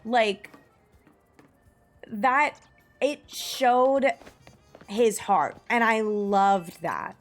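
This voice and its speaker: A young American woman with a slightly high, animated voice draws out her words and pauses often while streaming a game. She rambles happily in casual chat, full of "like" fillers and the occasional curse, with faint game music in the background.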